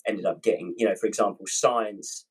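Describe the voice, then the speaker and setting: A man's voice: on the low side, steady tone, fairly quick, slightly rough, poor audio. Earnest British man telling his story. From Britain. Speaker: guest, airline pilot. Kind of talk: casual livestream conversation.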